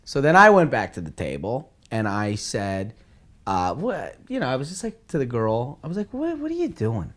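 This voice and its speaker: Expressive male comedian arguing his side. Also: medium pitch, moderate pace. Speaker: comedian podcast co-host. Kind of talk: casual comedic banter.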